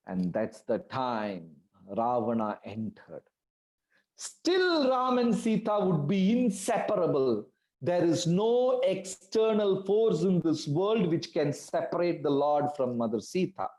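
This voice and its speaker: Male scripture teacher, slow and very expressive storytelling, echoey room. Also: fairly high pitch. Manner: expressive storyteller, voices the characters' pleas. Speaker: spiritual teacher. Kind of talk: devotional storytelling class.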